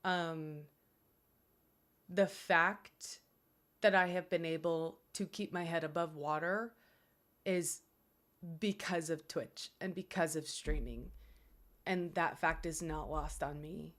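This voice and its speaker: A woman's voice: low-pitched, fairly even intonation, slow, long pauses, a bit bright. A young woman streaming from home, talking to her chat in an earnest, grateful, rambling way with many fillers.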